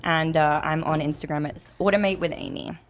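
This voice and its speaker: A woman guest on a podcast, soft-spoken and a bit hesitant while she talks. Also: low voice, fairly even intonation, a little fast, vocal fry, a little hiss or hum. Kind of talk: casual chat.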